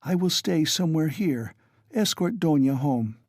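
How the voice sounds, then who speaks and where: A man's voice: on the high side, animated, measured pace, darkish tone, no room sound, clean studio sound, pitched above the performer's own voice. A man voicing an anxious, timid middle-aged mother who pleads and frets. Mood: pleading. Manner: pleading, fretful.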